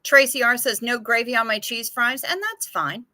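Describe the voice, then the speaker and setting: A woman's voice: fairly high pitch, normal speed, bright, forceful tone, no room sound. A woman hosting a casual livestream, chatting frankly and swearing freely as she answers viewer comments. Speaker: livestream host.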